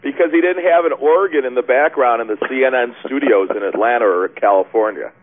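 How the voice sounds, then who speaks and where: A man's voice: mid-range voice, fairly quick. A man hosting a talk radio show, sarcastic and steering the segment. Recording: tinny phone-like radio audio.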